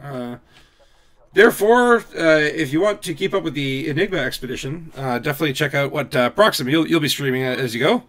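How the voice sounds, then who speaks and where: Bright-voiced rambling male streamer. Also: a little high, brisk. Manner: rambling, full of fillers and restarts, laughs easily. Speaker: game streamer host. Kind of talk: casual live-stream chat.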